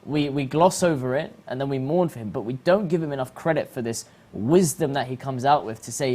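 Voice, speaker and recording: Animated man giving a reflective talk. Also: mid-range voice, brisk, hardly any pauses. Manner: animated, acts out quoted voices. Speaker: host.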